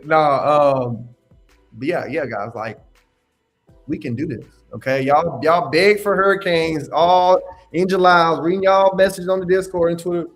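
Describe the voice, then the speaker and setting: Animated slangy young man, faint music. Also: a little high, normal speed. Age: young adult. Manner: animated, slangy, repeats phrases, laughs often. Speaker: independent adjuster mentor hosting a live Q&A. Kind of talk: casual livestream Q&A.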